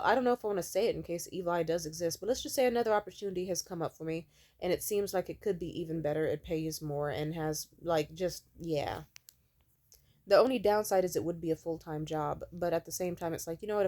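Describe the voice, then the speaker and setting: A young woman in her twenties venting in a profane, sarcastic rant, sometimes mocking other people in a high voice. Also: warm tone. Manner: profane, sarcastic, exasperated ranting. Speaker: vlogger. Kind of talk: ranting vent vlog.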